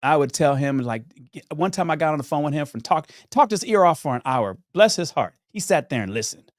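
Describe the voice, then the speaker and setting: A young adult man, a podcast guest, telling stories in a lively way, acting out scenes and laughing often. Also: on the high side, fairly quick, no echo, studio quality. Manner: animated storyteller who acts out scenes and laughs often. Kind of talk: casual storytelling chat.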